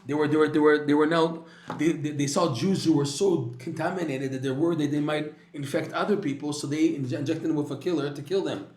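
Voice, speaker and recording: Animated male Torah teacher, echoey room. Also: a little high, fairly quick. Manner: animated storytelling with many restarts. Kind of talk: spoken Torah class.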